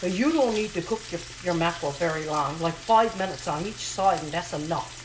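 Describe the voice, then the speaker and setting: A woman chatting casually as she cooks in her home kitchen, repeating her phrases and talking to herself in a slightly hushed voice. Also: expressive, brisk, background noise. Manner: talking a little low and hushed. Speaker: home cooking vlogger. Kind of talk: casual cooking chat to camera. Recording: home kitchen recording, audible pan sizzle. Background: frying pan sizzling.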